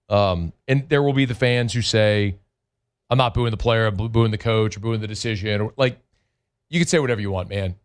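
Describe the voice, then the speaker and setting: A middle-aged man hosting sports talk radio in a blunt, conversational monologue, stretching words for emphasis into a studio mic. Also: on the low side. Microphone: studio microphone.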